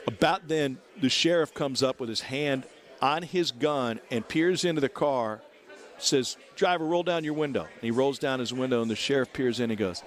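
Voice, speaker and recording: A Missouri man in his forties appears as a guest on talk radio, telling a long, animated story. Speaking at a moderate pace in a mid-range voice, he acts out the people in it with lively voices.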